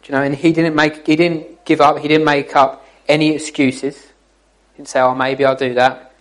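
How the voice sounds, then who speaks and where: A man's voice: a little high, flat delivery, normal speed, poor audio. A man giving an informal, jokey church talk to young people, teasing his listeners as he goes. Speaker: youth speaker.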